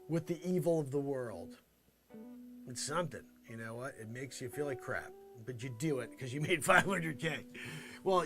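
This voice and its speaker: A man's voice: on the high side, a bit bright. A man hosting a comedy show, improvising a brash salesman monologue and switching between characters.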